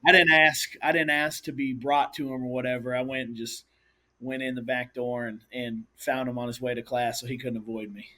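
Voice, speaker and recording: A man's voice: medium pitch, a little fast. A man, a college football coach, shares easygoing anecdotes in a documentary interview. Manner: relaxed, anecdotal.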